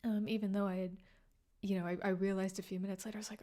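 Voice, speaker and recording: A woman podcast host telling a personal story in a soft, halting, tearful way, often dropping to a whisper. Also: mid-range voice, flat delivery. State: emotional, near tears. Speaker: podcast host and grief coach. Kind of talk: personal solo podcast monologue.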